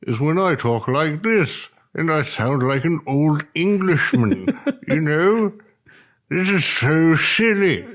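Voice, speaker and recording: A man voicing an old English gentleman in an exaggerated, jokey put-on voice. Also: on the high side, animated, rapid-fire, few pauses, pitched above the performer's own voice. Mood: silly.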